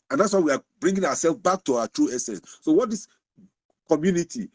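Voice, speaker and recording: A man's voice: on the high side, a little mellow, no room sound, low-quality recording. A man speaking earnestly in an online podcast discussion, stumbling and restarting words as he makes his point. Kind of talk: casual discussion.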